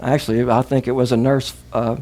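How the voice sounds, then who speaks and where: A man's voice: medium pitch, little pitch movement, fairly quick, warm tone. A middle-aged man with a Southern US accent, preaching a sermon as pastor, calling on the congregation to repeat after him. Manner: emphatic preaching with call-and-response.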